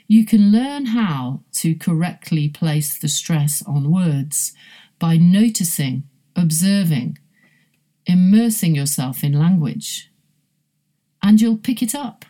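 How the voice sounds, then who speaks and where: A woman teaching English pronunciation on a podcast, explaining carefully and saying example words slowly. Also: lowish voice, expressive, warm tone. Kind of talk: podcast lesson.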